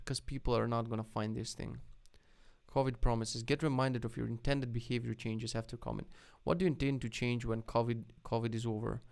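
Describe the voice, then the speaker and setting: Guy streaming web stuff, blunt and sweary, gravelly voice, mid pitch. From lives in Poland. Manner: blunt, swears freely, mocking asides. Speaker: live streamer reviewing web projects. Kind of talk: casual live-stream commentary.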